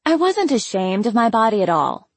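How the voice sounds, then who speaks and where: A woman narrating a first-person audiobook in a wry, even way, close to the mic. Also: on the high side, normal speed, no room sound.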